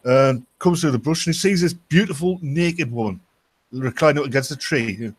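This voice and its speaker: A man telling crude jokes in casual stream banter, halting and restarting as he goes. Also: fairly high pitch, slightly rough, dry recording. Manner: halting, stumbling starts before punchlines.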